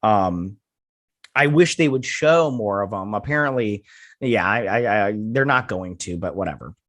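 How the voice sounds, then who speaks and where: A man's voice: lowish voice, animated, a little slow, fairly bright tone. A man hosting a casual episode recap. He rambles along in a loose, chatty way, often trailing off mid-thought before picking the thread back up. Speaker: host of a TV episode review channel.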